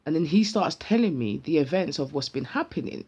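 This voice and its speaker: Lively, heavy man. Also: fairly high pitch, a little fast, husky. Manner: animated, slangy, acts out each side of a dialogue. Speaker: vlogger. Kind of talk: casual storytelling.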